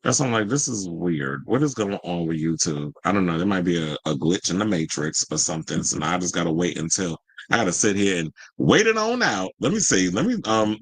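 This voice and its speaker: A man's voice: low-pitched, fairly bright tone, husky, no room sound. A man hosting a casual livestream who chats to his viewers, reads a news article aloud and comments on it in a chatty, easily irritated way. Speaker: livestream host.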